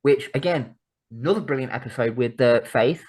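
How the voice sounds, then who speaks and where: A woman's voice: rumbling low, normal speed, a little mellow, breathy edge. A woman co-hosting a podcast, chatty and sweary in casual talk. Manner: chatty and sweary, laughs often. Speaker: podcast co-host. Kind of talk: casual chat.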